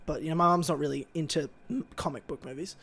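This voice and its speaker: A man's voice: a little high, fast talker, fairly bright tone, husky. A man co-hosting a casual podcast, telling a rambling, swear-filled story. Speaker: podcast co-host.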